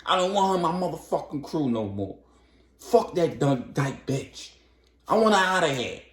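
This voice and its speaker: A man's voice: sing-song, normal speed, fairly bright tone, echoey room. A man voicing a ruthless female crew boss who curses harshly and talks down to others. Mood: contemptuous. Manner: harsh, profane, raised pitch.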